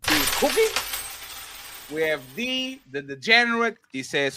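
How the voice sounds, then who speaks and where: A man's voice: high-pitched, animated, normal speed, sharp tone, a little hiss or hum. A man hosting a live panel show, reading viewer comments aloud with exaggerated, laughing delivery. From Portugal. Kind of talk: casual chat, reading super chats.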